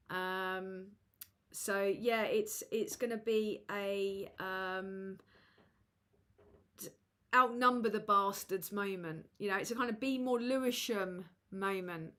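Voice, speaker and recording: A woman hosting a live chat with viewers, rambling and halting with many fillers, tired and low. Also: bright, forceful tone. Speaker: livestream host.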